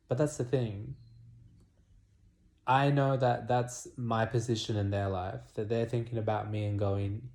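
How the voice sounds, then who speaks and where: A young man vlogging a candid confessional monologue, swearing freely and swinging between murmurs and loud outbursts. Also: medium pitch, flat delivery, a little slow.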